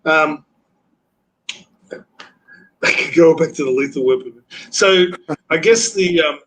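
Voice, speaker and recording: Man, live-stream host, blunt, swears, halting, slightly high voice. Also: fairly bright tone, rough recording. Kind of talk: casual chat.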